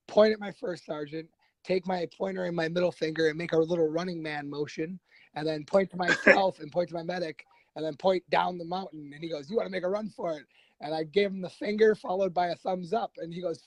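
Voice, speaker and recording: Guy on a podcast telling a crazy story, kinda high voice, cussing, doing everybody's lines, dry mic. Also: dry recording, rough recording. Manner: animated, profane, acts out quoted voices. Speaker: podcast guest. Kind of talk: casual storytelling.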